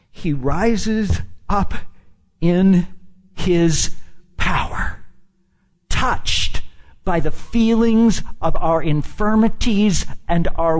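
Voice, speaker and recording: Dramatic preacher man, slow and emphatic. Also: high-pitched. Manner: dramatic swings from hushed whispers to loud, emphatic rises. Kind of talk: sermon.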